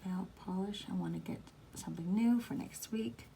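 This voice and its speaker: A woman in her thirties narrating a casual plan-with-me video at home, talking softly and often half-whispering to herself, flustered and self-deprecating about her mistakes. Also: medium pitch, moderate pace, gravelly. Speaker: planner vlogger. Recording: noisy home recording.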